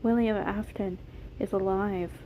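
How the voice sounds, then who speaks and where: A woman's voice: medium pitch, steady tone, measured pace, dark tone, a little hiss or hum, natural voice. A woman voicing a newly built young female animatronic who talks in a hesitant, questioning way. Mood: troubled.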